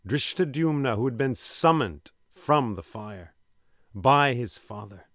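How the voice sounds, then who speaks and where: Expressive male storyteller. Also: medium pitch, slow pace, dry recording, studio quality. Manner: expressive and dramatic. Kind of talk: oral storytelling.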